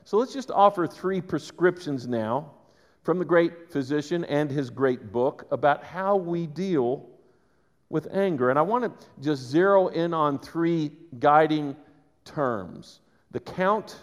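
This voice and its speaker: A man preaching a sermon, conversational and animated, with quick asides to the congregation. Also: a little high. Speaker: pastor. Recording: reverberant church hall.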